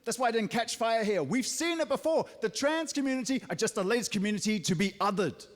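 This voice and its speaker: Performing stand-up on a theatre stage, a New Zealand man in his thirties delivers punchy material and mocking asides in a high-pitched, lively voice at a quick pace. The sound carries a big-room quality.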